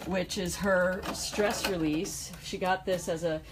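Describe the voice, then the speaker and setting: A woman's voice: fairly low pitch, fairly even intonation, takes it slowly, very noisy. A woman chatting casually as she films a walkthrough of the boat she lives on, talking emotionally and rambling with many fillers into a handheld phone. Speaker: vlogger showing her home. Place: indoors on a moored boat.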